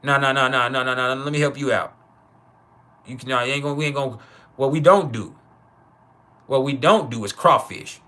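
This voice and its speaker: A Texan man hosting a casual livestream, his voice bright and forward. He rambles loosely with many restarts, then gets loud and heated as he roasts a troll. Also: mid-range voice, a little fast, long pauses. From Texas. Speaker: astrology livestream host.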